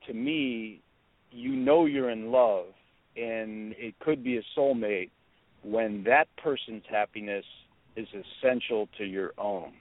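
A man's voice: fairly low pitch, no room sound. Expansive storytelling man on a tinny radio line. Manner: expansive storyteller, animated, opinionated. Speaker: author, guest. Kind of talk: radio interview talk. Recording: tinny phone-like radio sound.

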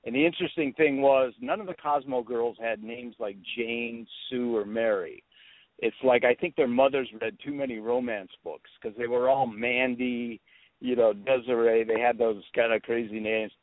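A middle-aged man, an author being interviewed, telling stories in an animated, opinionated way. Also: medium pitch, moderate pace, no room sound. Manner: expansive storyteller, animated, opinionated. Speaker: author, guest. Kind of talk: radio interview talk. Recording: tinny phone-like radio sound.

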